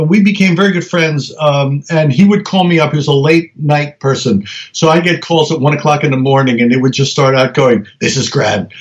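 A man researcher telling stories in a casual interview, talking in halting bursts with many restarts and acting out the voices of others. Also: fairly high pitch. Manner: halting, with frequent restarts and acted-out quotes. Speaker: researcher and guest. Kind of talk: casual conversational storytelling. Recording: dull lo-fi recording.

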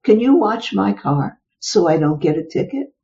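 A woman's voice: medium pitch, lively intonation, normal speed, dark tone. An older woman, a psychologist being interviewed, recounting personal stories with exclamations and rhetorical questions. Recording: dull lo-fi recording.

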